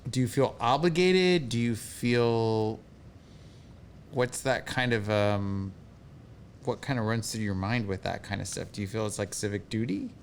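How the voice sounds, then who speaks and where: This is a man hosting a casual podcast interview. He speaks softly and keeps his replies short and affirming. A faint rumble runs underneath his voice. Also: unhurried. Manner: soft-spoken, brief affirming replies. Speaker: podcast host.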